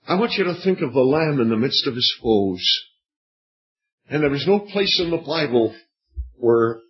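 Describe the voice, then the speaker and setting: A man preaching an evening sermon, slow and dramatic, with long pauses and repeated phrases. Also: mid-range voice. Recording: dull lo-fi recording.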